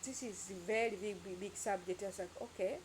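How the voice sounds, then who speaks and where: A woman's voice: medium pitch, fairly even intonation, brisk, a little hiss or hum. Rambling, emphatic woman vlogger. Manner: emphatic, rambling, with sound-effect words. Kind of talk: casual opinion monologue.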